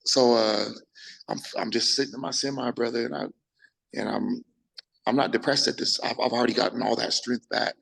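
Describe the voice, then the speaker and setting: A young man, a bodybuilder, telling his story in a casual interview, animated and full of restarts, acting out quotes. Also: medium pitch, a little fast, poor audio. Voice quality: gravelly, husky. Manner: animated, acts out quotes, frequent restarts and profanity.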